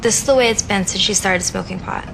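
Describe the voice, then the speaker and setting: A woman as a creaky young friend in an old ad. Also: medium pitch, fast, noisy background, natural voice. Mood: complaining. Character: young woman complaining about a stoned friend. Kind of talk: acted scene in an old commercial.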